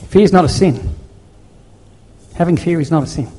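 A man's voice: fairly high pitch, normal speed, dark tone, husky. A man preaching a sermon as pastor in a church, earnest and pleading, with many rhetorical questions.

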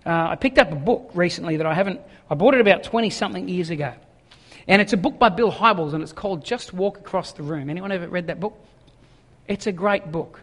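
A man preaches at a brisk clip, acting out the people in his story as he goes. His voice rings out with a long reverb, as if spoken in a large hall. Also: high-pitched, fairly bright tone. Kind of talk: sermon.

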